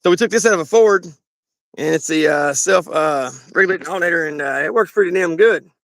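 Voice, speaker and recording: High, gravelly Kentucky-accented man. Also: fairly quick, fairly bright tone, no echo. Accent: Southern US, Kentucky. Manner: rambling, profane and joking. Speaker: garage channel host. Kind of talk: casual garage walkthrough.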